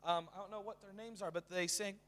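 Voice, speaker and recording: Young man preaching with high bright voice. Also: fast talker. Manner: casual, excited, with many fillers. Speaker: guest preacher. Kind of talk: sermon. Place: church. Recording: reverberant hall.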